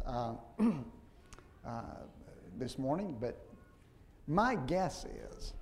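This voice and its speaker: A man preaching a sermon, slow and halting, with frequent restarts and fillers. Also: a little high, a little hiss or hum.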